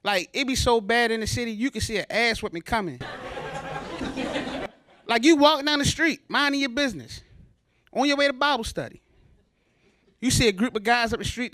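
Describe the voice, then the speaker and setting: A man's voice: very high-pitched, animated, a little fast, long pauses, a bit bright, no echo. A stand-up comic from Baltimore works the stage with a loose, chatty, self-mocking delivery. His voice sits well above most men's. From Baltimore, USA. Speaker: stand-up comedian. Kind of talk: stand-up comedy set. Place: comedy show stage before a live audience.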